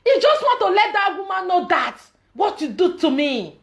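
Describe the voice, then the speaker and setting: Woman, Nigerian Pidgin accent, vlogger, very high pitch, emphatic ranting delivery. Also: big pitch swings, moderate pace, vocal fry. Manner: emphatic, repetitive, loud outbursts. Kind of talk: ranting commentary.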